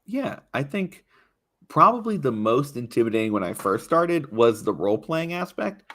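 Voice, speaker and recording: A young man talking as a guest in a casual chat, animated and expressive, laughing often. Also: mid-range voice, normal speed. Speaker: guest, YouTube creator on tabletop games.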